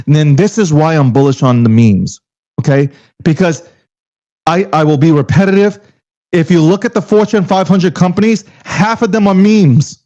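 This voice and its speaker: Guy going off about crypto, high lively voice, cussing, dull lo-fi sound. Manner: profane, emphatic, rapid rhetorical questions. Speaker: crypto commentator. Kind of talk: heated casual rant. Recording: dull lo-fi audio.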